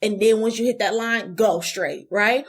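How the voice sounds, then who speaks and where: A young woman co-hosting a casual chat show, talking in an animated way and acting out little voices as she tells stories. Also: mid-range voice, moderate pace. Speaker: co-host.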